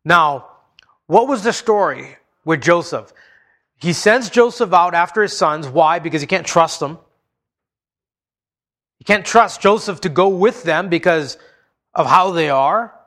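A man preaching a sermon, telling the story expressively and dropping low and soft for emphasis. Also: animated, unhurried, long pauses. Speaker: pastor.

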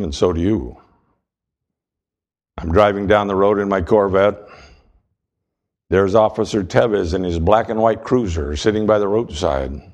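Man preaching, low-ish voice, slow emphatic pauses. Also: a little mellow. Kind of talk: sermon.

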